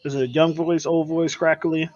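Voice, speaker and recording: Excitable man on dull lo-fi chat. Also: fairly high pitch, normal speed, dry recording. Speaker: player.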